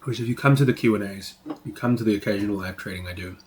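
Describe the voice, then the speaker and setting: A man's voice: on the low side, very fast, darkish tone, a little hiss or hum. A man teaching trading on a live stream, talking casually, swearing freely and saying "like" a lot. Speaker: trading educator.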